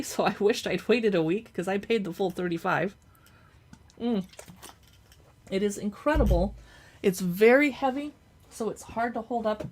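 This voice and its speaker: A woman hosting a casual live cookbook look-through, chatty and reading recipe names aloud with quick reactions. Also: mid-range voice. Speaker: cookbook reviewer livestreaming.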